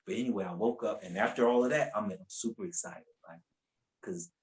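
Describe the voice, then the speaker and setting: A man's voice: fairly low pitch, a little fast, low-quality recording. A man sharing his personal faith testimony on a podcast. He talks casually and colloquially, often repeats words, and livens up his story by acting out what people said. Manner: animated, acts out quotes with raised voice. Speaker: podcast guest.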